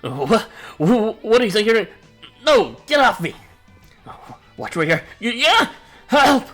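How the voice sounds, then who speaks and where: A woman's voice: rumbling low, expressive, fast talker, a bit bright, soft background music. A woman voicing a curt, aloof young man who yelps in protest when dragged along. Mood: flustered. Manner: curt, then yelping in protest.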